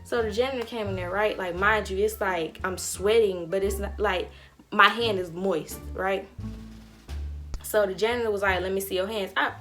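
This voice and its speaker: A woman's voice: medium pitch, normal speed, soft background music. A young woman tells a storytime to her camera, casual and slangy. She throws herself into acting out the voices of the people in the story. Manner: animated storytelling, slangy, acts out dialogue. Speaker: vlogger.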